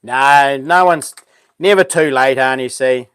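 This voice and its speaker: A man's voice: mid-range voice, a little slow, fairly bright tone, smooth, no echo, studio quality. A man with a New Zealand accent hosting a casual live stream, chatting in a laid-back, rambling way with plenty of ums.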